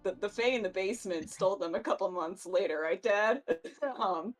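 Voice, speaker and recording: A woman's voice: mid-range voice, normal speed, faint music behind, natural voice. A woman voicing an awkward young male wizard mourner who talks in a rambling, unsure way.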